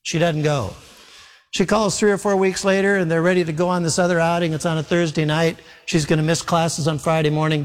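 A man's voice: sits high, steady tone, a little fast. A man preaching a sermon, telling a story and acting out its dialogue. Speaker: pastor. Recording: long hall reverb.

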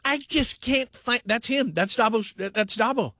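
High-voiced animated sports radio host, man. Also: normal speed, few pauses, dry recording, clean studio sound. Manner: rambling, animated, repeats himself. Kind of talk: call-in sports radio talk.

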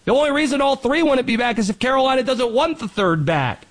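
Sports host, brisk talker, rattles stats with a high, lively voice. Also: male voice, poor audio. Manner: animated, quick rattling off of stats. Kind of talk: sports commentary monologue.

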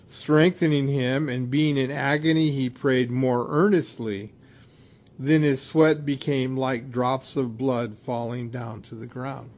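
A man preaching a sermon in a measured, reflective way, with occasional hesitations. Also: mid-range voice, darkish tone, a little hiss or hum.

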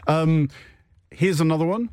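A man's voice: on the high side, a little slow, a little mellow. A man hosting a studio panel show on radio, with dry, wry chatter and the odd chuckle. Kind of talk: witty studio panel chat. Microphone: studio mic.

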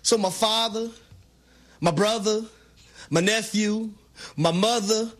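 A man co-hosting a sports talk show, telling stories in an animated, preacher-like way. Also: high-pitched, slow. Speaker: sports radio co-host.

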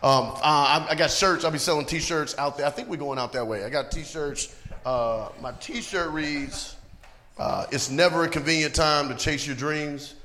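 A man's voice: on the high side, normal speed, pushed and bright. Male stand-up comedian, upbeat, direct, handheld mic, long room echo, noisy crowd. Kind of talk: stand-up closing remarks. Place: comedy club stage. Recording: echoey live club with crowd noise. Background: audience laughter and cheers.

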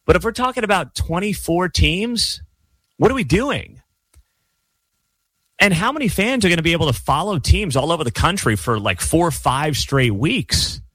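A man hosting his own college football channel, giving blunt opinionated commentary with sarcastic asides and animated rants. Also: fairly high pitch, moderate pace, dry recording.

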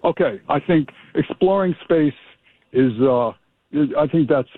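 Male radio caller, husky and rambling, phone-line sound. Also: on the high side, unhurried. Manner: rambling, hesitant. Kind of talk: call-in radio chat.

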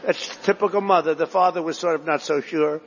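A man's voice: fairly high pitch, fairly even intonation, brisk, vocal fry, big-room sound, highs cut off, a little hiss or hum. A man giving a rambling, repetitive rally speech, drifting between stories. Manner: rambling, digressive, repetitive storytelling to a crowd. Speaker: political speaker at a rally.

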